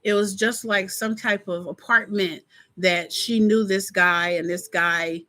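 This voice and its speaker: Hosting a live stream, a woman chats casually and unhurriedly in a mid-range voice. She's animated and informal, speaking directly to her viewers and acting out her own reactions.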